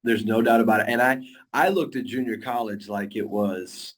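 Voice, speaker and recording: A man with a fairly low voice speaks in a relaxed interview, sounding earnest and heartfelt. He rambles and restarts his sentences often as he reflects on coaching young players. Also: normal speed. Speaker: high school football coach. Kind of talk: casual interview talk.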